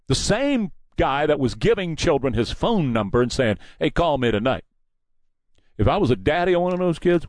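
A man's voice: fairly high pitch, dry recording. A man hosting a combative, mocking political commentary monologue.

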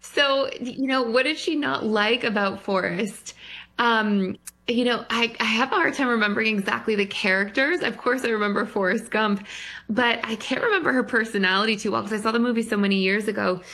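A woman's voice: fairly high pitch, a little fast, fairly bright tone. A woman therapist on a radio call-in show, explaining her method and laughing easily. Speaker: guest therapist.

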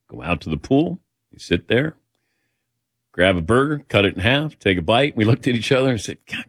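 A man's voice: medium pitch, expressive, normal speed, a bit bright, no echo, clean studio sound. A man hosting a sports talk show, telling anecdotes in a casual way and acting out the dialogue. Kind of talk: casual radio show storytelling. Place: radio studio. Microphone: studio microphone.

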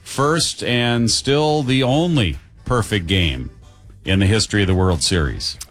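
Chatty low-voiced radio host. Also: male voice, animated, measured pace, soft background music. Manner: chatty, trivia-telling, slightly rambling. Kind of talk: casual radio banter.

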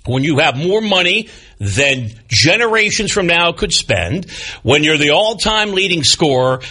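An older male sports talk host with a bright, forceful voice and a slightly husky edge. He talks with a lively, swooping delivery and rides his pitch up and down. His commentary is opinionated and punctuated with wry jokes at his own expense. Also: measured pace. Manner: animated, opinionated, with wry self-deprecating asides. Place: broadcast studio. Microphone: studio microphone.

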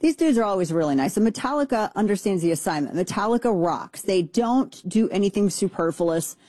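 A woman's voice: mid-range voice, expressive, a little fast, dark tone, no echo. A woman hosting a political talk show, speaking in an emphatic, rambling way with sarcastic asides into a studio mic. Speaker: political commentary host. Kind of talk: casual opinion commentary. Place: home studio in Texas. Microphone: studio mic with headphones.

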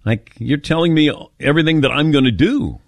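A man's voice: a little high, fairly quick, no echo. A middle-aged man hosting a call-in radio show in casual, joking chat. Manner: lively, joking, animated.

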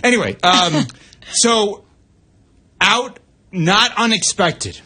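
High, bright-voiced husky sports radio man. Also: animated. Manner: brisk, opinionated analysis with asides.

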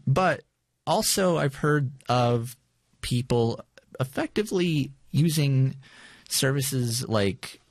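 A man co-hosts a podcast in casual conversation, rambling with lots of fillers and restarts. His mid-range voice is a little mellow, and the studio-quality audio has no room sound.

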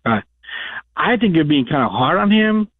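A man's voice: on the high side, very animated, moderate pace. A man calling in to a radio show, chatty and rambling, with many fillers. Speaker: caller. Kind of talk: radio call-in. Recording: tinny phone line.

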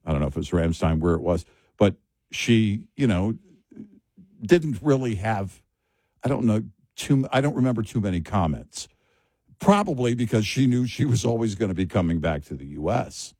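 A man's voice: on the low side, expressive, normal speed, mellow, no room sound. An American man co-hosting a casual chat, telling rambling stories full of restarts and asides. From United States.

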